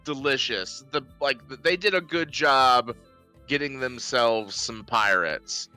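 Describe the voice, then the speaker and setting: A young man co-hosting a casual movie review podcast, animated and acting out scenes in silly voices. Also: medium pitch, slow, clear, resonant tone, soft background music. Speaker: podcast co-host.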